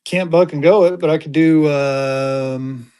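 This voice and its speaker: A man's voice: a little high, fairly even intonation, unhurried, a little mellow, clean tone. Chatty, rambling man selling on a live stream. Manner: chatty, rambling, repeats himself, jokey. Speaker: live-stream auction seller. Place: home room.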